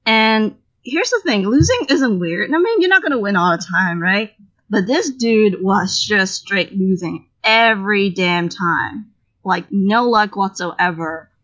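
A woman's voice: mid-range voice, a little slow. Woman telling a story on lo-fi audio. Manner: animated, loose and profane, acts out the dialogue. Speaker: podcast co-host telling a story. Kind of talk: casual storytelling chat. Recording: slightly dull lo-fi audio.

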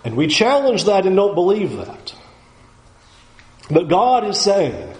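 A man's voice: high voice, very animated, slow, long pauses, darkish tone, roomy sound, low-quality recording. A man preaching a sermon as a pastor, emphatic, repeating key phrases for stress.

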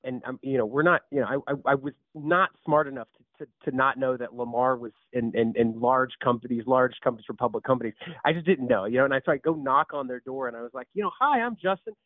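Brief: man, 30s, founder-guest, animated storyteller who stumbles and restarts, heard on a dry, phone-like line. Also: medium pitch, fast talker, no echo. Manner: restarts a lot, repeats words, animated. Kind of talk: casual storytelling interview.

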